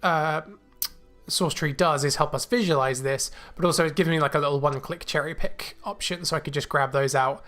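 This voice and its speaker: A man hosting a coding livestream, thinking aloud with many fillers and restarts, a little choked and clearing his throat. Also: fairly high pitch, steady tone, fairly quick, a bit bright, faint music behind. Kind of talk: casual live coding walkthrough. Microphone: new desk mic.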